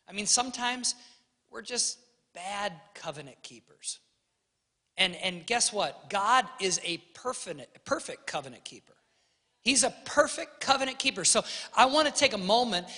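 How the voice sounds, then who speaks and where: A man in his forties preaching a sermon, an animated storyteller who acts out the voices of the people in his stories. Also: high-pitched. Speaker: pastor. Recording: long hall reverb.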